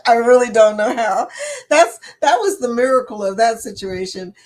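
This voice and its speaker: A middle-aged American woman hosts a casual livestream chat, reading viewer comments aloud and laughing often in a chatty, animated way. She speaks at a measured pace with a fairly high voice.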